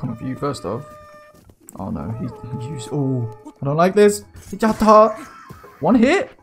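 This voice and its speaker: A young man commenting on his gameplay casually, excitable and swearing, often yelling in surprise. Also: on the high side, a little slow, creaky, soft background music. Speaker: let's play gamer.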